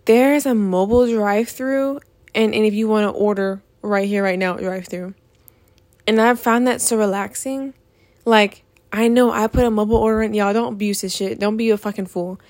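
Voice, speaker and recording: A woman's voice: medium pitch, normal speed, dry recording. A young woman, hosting a podcast in a profane, exasperated rant. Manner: profane, animated, exasperated ranting. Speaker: podcast host. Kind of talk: ranting casual monologue.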